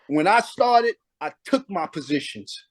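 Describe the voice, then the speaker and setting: A middle-aged man with a notably high voice tells stories from his playing days in a casual interview. He is emphatic and acts out what people said to him. The sound is dry and close. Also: expressive, unhurried, no echo. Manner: emphatic, acts out past conversations. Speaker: guest, former pro basketball player.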